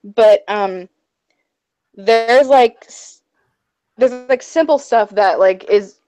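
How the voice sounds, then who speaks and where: A woman co-hosting a casual chat show, excitable and rambling, gushing like a fangirl. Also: medium pitch, slow pace, highs cut off. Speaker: podcast co-host.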